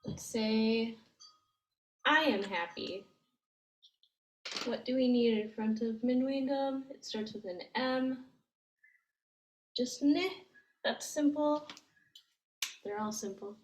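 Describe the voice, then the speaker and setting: A woman teaching a language lesson, explaining gently and step by step with frequent ums. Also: fairly high pitch, slow pace, long pauses, echoey room, slight background noise, rough recording. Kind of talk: slow, patient language lesson.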